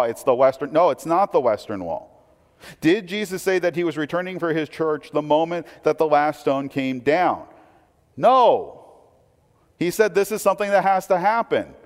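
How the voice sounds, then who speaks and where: A man preaching a sermon with a fairly high voice, talking conversationally and tossing in rhetorical questions. He swings from loud emphasis to quiet asides, and his words ring out with a long reverb as if in a large hall. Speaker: pastor.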